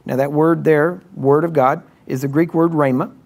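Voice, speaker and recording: A man's voice: a little high, steady tone, normal speed, vocal fry, darkish tone. Emphatic man preaching a sermon. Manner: emphatic, checks in with frequent questions. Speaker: pastor.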